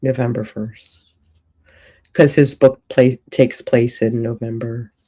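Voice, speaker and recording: On a laid-back livestream from her hotel room, this author and streamer lets her thoughts wander aloud without hurrying. Her tone is mellow, relaxed and rumbling low, and she talks slowly.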